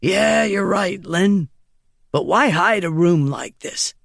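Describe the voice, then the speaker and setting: A gruff, blunt older soldier with a beard, voiced by a male narrator in an audiobook. He speaks in a slow, dry, matter-of-fact way. The sound is close and unechoing. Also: high voice, a bit bright, dry recording, voice pushed up, exaggerated voice.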